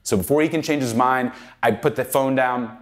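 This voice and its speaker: A middle-aged man speaking from the stage in a keynote, his voice sitting at an ordinary pitch for a man. He tells stories in a lively, chatty way, full of "like" and quick asides. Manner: animated, conversational, heavy use of "like". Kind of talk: storytelling keynote talk.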